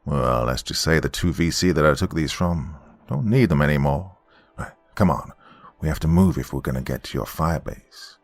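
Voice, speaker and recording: Man doing a laid-back sniper guy, wry and cocky, super deep, gravelly. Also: animated, normal speed, no room sound. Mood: calm. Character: big, stealthy, cocky male Marine sniper.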